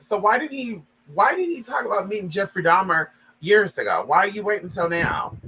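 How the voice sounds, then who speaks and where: A man's voice: sits high, bright, forceful tone, slight background noise, rough recording. A man giving sassy, dramatic gossip commentary, reading a story aloud and reacting to it.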